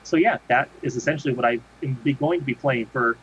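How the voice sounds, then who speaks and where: A man's voice: mid-range voice, fast, fairly bright tone. Rambling man on a dull, lo-fi podcast mic. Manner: rambling, many restarts and fillers. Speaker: podcast co-host. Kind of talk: casual chat. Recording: dull lo-fi sound with faint noise.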